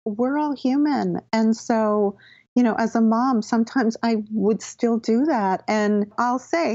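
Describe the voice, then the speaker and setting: A woman guest on a podcast interview, calmly explaining parenting advice and acting out gentle things a parent might say. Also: on the high side, slow, no echo, highs cut off. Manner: calm, explanatory, acts out gentle parent lines.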